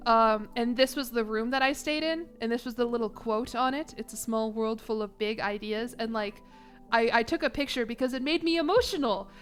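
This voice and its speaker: A woman's voice: on the high side, a little fast, faint music behind. Chatty, emotional streamer woman. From Chicago, US. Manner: rambling, emotional, self-mocking, laughs often. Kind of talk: casual chat on stream.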